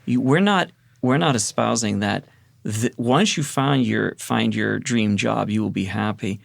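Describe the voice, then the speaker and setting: A man co-hosting a podcast, telling stories in a lively, self-deprecating way in casual conversation. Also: fairly low pitch, a little slow, creaky, dry recording, studio quality. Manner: animated, self-deprecating storyteller. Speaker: podcast co-host.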